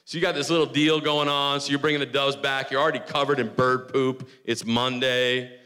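Bright-voiced casual pastor in reverb. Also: male voice, medium pitch, a little fast, smooth. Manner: excitable, restarts and "like" fillers, storytelling. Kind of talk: casual conversational sermon.

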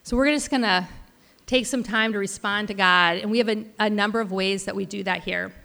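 Woman, pastor, sermon, heartfelt storytelling, bright voice, reverberant church hall. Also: mid-range voice, a little fast, vocal fry. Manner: heartfelt storytelling with frequent restarts.

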